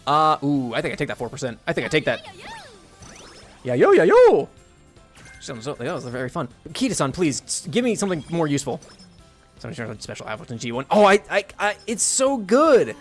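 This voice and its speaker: A man's voice: a little high, very animated, fast talker, faint music behind. A man streaming a game, chatting casually and animatedly, laughing often and swearing now and then. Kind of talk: casual gameplay commentary.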